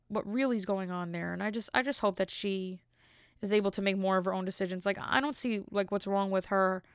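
Rambling woman with a smooth voice. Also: medium pitch, no room sound, studio quality. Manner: rambling, heavy on filler words; indignant. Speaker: commentator. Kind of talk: casual opinion talk.

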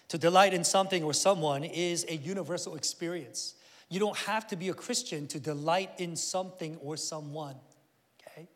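A middle-aged man preaching a sermon, telling a family story with lively acted-out voices. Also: high voice. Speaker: pastor. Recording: long hall reverb.

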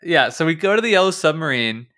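A man's voice: on the high side, animated, quick pace, sharp tone. A young man from Kansas co-hosting a podcast, telling stories in a chatty way full of fillers and restarts. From Kansas, United States. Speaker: podcast co-host. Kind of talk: casual podcast chat.

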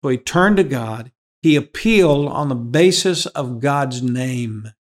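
A man's voice: medium pitch, expressive, a little slow. A man, a pastor, giving an earnest, emphatic Bible teaching and repeating key phrases for weight.

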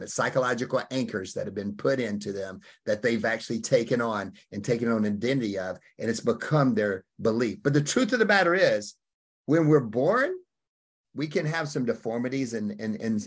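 A husky, middle-pitched man from Alabama gives an emphatic interview answer. He talks in punchy bursts and throws in acted-out quotes. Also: fairly quick. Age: middle-aged. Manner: emphatic, acts out quoted voices, punchy phrasing. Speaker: podcast guest, life coach. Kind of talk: animated conversational interview answer.

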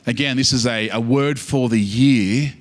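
A man with an Australian accent preaching a sermon, animated and humorous, building to emphatic peaks. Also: medium pitch, a little slow. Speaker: pastor. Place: church service.

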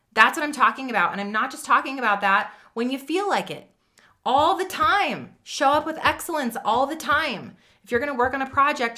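A woman's voice: a little high, pushed and bright. A woman hosting a podcast, giving an emphatic, chatty motivational monologue that speaks straight to the listener. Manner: emphatic, direct, addresses listener as friend; chatty with fillers and restarts. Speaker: podcast host.

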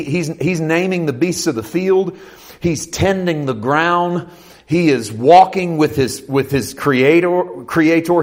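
A man with a fairly high-pitched voice preaches with animation, shifting from loud, urgent sections to hushed ones. He dramatizes the voices he quotes and puts questions directly to the congregation.

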